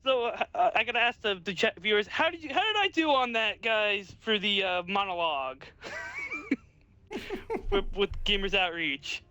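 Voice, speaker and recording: A man co-hosting a livestream, talking loudly and enthusiastically in casual chat. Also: high voice, animated, slight background noise. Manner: loud, quick, enthusiastic. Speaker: stream co-host.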